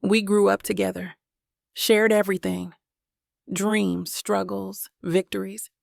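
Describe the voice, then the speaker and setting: A troubled wealthy man confesses in a low, measured voice, read by a woman narrator. A gravelly fry runs under the words. The sound is dry and close. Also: little pitch movement, dry recording. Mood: pained.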